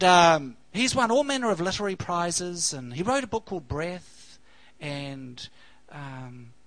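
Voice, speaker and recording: With a voice that sits high, a man preaches a sermon as a pastor, recounting an anecdote in a rambling, filler-laden way and closing on a hush. There's no room sound, but the recording is rough.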